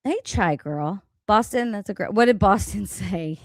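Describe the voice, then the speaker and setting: A woman's voice: mid-range voice, animated, unhurried, hardly any pauses, dry recording. A woman hosting a casual livestream, ranting bluntly with lots of swearing and laughter, reading out chat comments. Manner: profane, blunt, laughing often. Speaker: livestream host. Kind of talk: casual live-stream rant.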